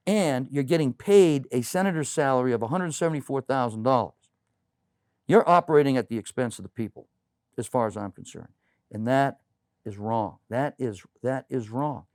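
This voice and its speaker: A middle-aged American man, a political candidate, is a guest in a local TV studio interview, speaking earnestly and emphatically with many "you know" fillers. His voice is mid-range and darkish, with no echo.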